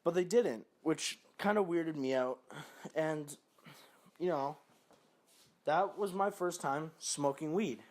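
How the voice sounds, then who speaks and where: A man's voice: a little high, slow pace, pauses often. Profane rambling young vlogger guy. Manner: profane, rambling, lots of fillers. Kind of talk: casual storytelling to camera.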